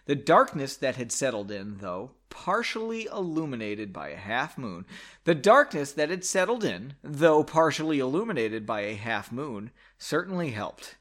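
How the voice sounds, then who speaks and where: A man's voice: mid-range voice, big pitch swings, moderate pace, a bit bright. A man reading his own novel aloud, stopping to make self-mocking comments on his writing. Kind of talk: reading aloud with chatty asides.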